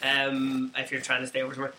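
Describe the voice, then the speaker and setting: A young man co-hosting a podcast in casual chat, teasing his friend with quick sweary jokes. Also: mid-range voice, completely flat delivery, pushed and bright, echoey room, a little hiss or hum, rough recording. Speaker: podcast co-host. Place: flat.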